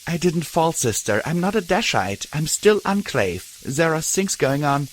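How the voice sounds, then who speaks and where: A man voicing a gentle young mare pegasus who speaks in a brittle, pleading way, pitched well above his own voice. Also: normal speed, slight background noise, close to an everyday voice.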